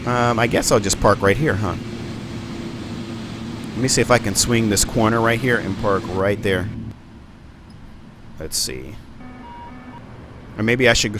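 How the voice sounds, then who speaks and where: A man's voice: on the low side, noisy background. A man giving live stream commentary on a flight simulator, rambling and thinking aloud with plenty of ums and uhs.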